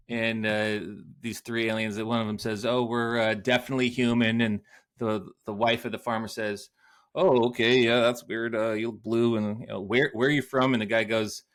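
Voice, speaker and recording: Halting dad retelling a bedtime joke. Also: male voice, lowish voice, fairly bright tone. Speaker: podcast co-host. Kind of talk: casual chat.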